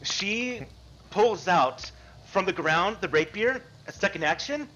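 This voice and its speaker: Male game master, animated narrator, bright forceful voice, dull lo-fi call audio. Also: high voice, slow pace. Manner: animated, rules-explaining narration. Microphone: video call. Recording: dull lo-fi mic.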